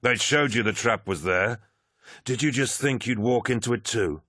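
A man's voice: mid-range voice, normal speed, pushed and bright, husky, dry recording, studio quality, pitched above the performer's own voice. A man voicing a scornful male captain who mutters his remarks.

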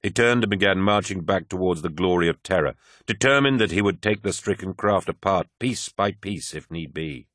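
A man narrates an epic battle story with grave, measured weight. His voice sits very low and the recording is bone dry, with no room around it. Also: expressive, fairly bright tone, dry recording. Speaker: audiobook narrator. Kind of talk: dramatic scripted narration.

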